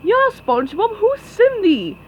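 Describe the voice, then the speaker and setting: A woman voicing a loyal, dim, excitable male starfish sidekick who blurts things out loudly. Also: very high-pitched, a little slow, slight background noise, voice pushed up, full character voice, rough recording. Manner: blurting, loud.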